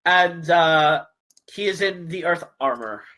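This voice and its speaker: Game master, excitable and laughing, very lively delivery. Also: mid-range voice, slow. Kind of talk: running a tabletop game.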